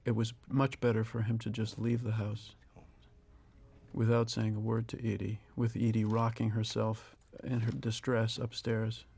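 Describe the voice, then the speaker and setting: A man, a film director, giving a reflective audio commentary, thinking aloud with pauses and restarts. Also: on the low side, completely flat delivery, creaky, darkish tone, husky.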